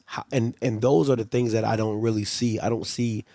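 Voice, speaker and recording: A man's voice: on the low side, fairly even intonation, fairly quick, gravelly, hardly any pauses, mellow, dry recording, studio quality. A man hosting a live stream, talking in a casual, rambling and exasperated way and often repeating himself. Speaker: livestream host. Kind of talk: casual sports commentary.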